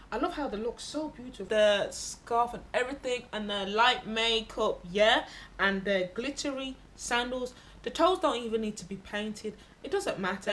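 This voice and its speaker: A woman with a bright, fairly high voice tells the story of a solo trip. She speaks candidly and bluntly, swears freely, and acts out the people she met along the way. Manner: candid and expressive, acting out other people in her stories. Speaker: travel vlogger. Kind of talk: casual travel vlog storytelling.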